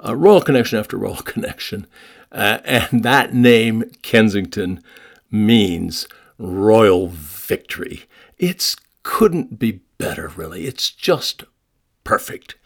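A man who guides walking tours, giving a short evening talk, speaking haltingly with many uhs and restarts and spelling words out. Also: fairly low pitch, sing-song, vocal fry, breathy edge. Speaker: London walking tour guide. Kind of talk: short nightly talk on place names.

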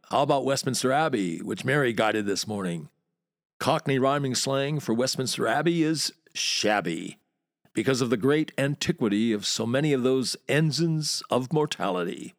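A podcast host from the United States, who also leads walking tours, reads a wry, word-loving monologue with a lively storyteller's flair. His voice is medium in pitch, captured in clean studio sound without any room sound.

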